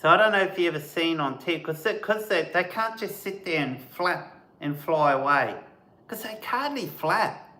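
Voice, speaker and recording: This camping channel host, speaking at normal speed with a fairly high pitch, spins casual tales for his live stream audience. Animated and full of energy, he imitates birds and various sounds while his voice bounces around an echoey room.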